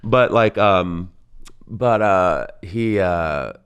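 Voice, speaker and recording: A man telling a personal story in casual chat, animated and acting out other people's lines. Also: deep voice, very slow, clean tone. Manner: animated storyteller, acts out voices in quotes. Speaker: guest comedian.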